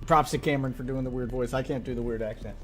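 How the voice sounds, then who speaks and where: A man streaming live, reacting to a video with loud laughing outbursts and quick asides. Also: medium pitch, fairly even intonation, soft background music.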